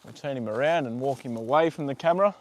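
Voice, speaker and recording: A man's voice: medium pitch, quick pace. A man hosting a casual live stream from outdoors with a horse, chatting easygoing and rambling as he reads out viewer comments, with lots of fillers. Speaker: livestream host. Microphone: phone on a tripod.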